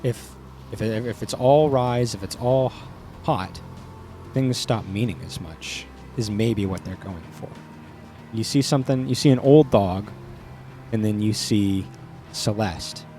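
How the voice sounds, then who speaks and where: A man's voice: fairly low pitch, a little slow, mellow, soft background music. A man streaming a story game, rambling casually with crude jokes and lots of fillers. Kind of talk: casual let's-play commentary.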